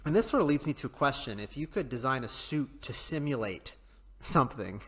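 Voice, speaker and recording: A man's voice: mid-range voice, lively intonation, fairly quick, fairly bright tone, slightly rough. Rambling, jokey man with an echoing sound. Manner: rambling, jokey, laughs often. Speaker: podcast co-host. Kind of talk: casual chat.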